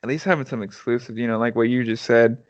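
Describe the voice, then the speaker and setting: A man co-hosting a podcast, chatting casually and rambling, often trailing off quietly at the ends of phrases. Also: mid-range voice, steady tone, fast, no room sound, lo-fi sound. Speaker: podcast co-host. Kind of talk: casual chat.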